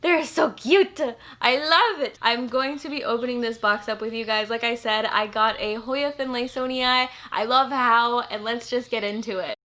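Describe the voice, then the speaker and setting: For her casual unboxing vlog, a young woman from Texas opens a plant, gushing and tearing up as she chatters with lots of "like" and other filler. Her slightly high voice is bright and forceful, moving at a moderate pace with few pauses.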